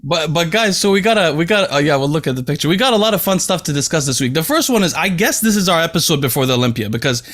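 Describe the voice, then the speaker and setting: A young man hosts a casual podcast, talking at a fast clip in a high, lively voice that jumps around. He gets animated and laughs as he tells stories. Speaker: podcast host. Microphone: remote call mic.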